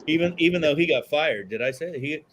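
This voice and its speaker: A man's voice: fairly high pitch, lively intonation, fairly quick, fairly bright tone, a little hiss or hum. A man hosting a podcast in casual chat, rambling and swearing freely, with lots of fillers and restarts. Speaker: podcast host.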